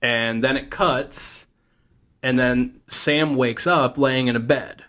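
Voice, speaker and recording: A man's voice: medium pitch, steady tone, slow pace, fairly bright tone. A young man co-hosting a podcast, casually retelling an old TV show's plot at a loose, rambling pace and slipping into the characters' lines as he goes. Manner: rambling storyteller, acts out scenes. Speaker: podcast co-host. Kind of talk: casual chat recapping a TV show.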